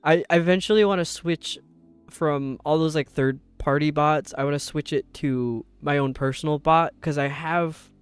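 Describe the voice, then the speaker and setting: A young man with a New York accent chatting casually with viewers while streaming, rambling and sounding out words slowly. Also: a little high, fairly even intonation, smooth, no echo. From upstate New York. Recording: dry close mic with faint game music.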